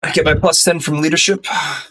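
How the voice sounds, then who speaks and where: A man's voice: on the high side, steady tone, brisk, pushed and bright. A man playing a tabletop game, talking casually and hesitantly and cheering at good rolls. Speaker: player.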